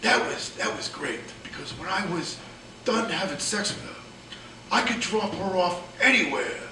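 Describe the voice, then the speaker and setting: A crude, oblivious single guy, put on by a man, with a high, sharp voice. It is heard from far off in an echoey room. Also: sing-song, moderate pace, slight background noise, full character voice. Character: crude single adult man looking for love.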